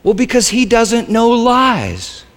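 A man preaching a sermon as the pastor, shifting between quiet low asides and sudden high, shouted lines. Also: huge pitch swings, slow pace, in a large hall.

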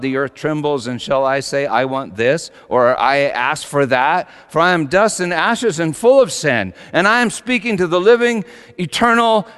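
A man's voice: medium pitch, a bit bright, smooth, pitched above the performer's own voice, close to an everyday voice. A man voicing a terrified young male monk who pleads in awe, quoted in a sermon. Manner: trembling, pleading. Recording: long hall reverb.

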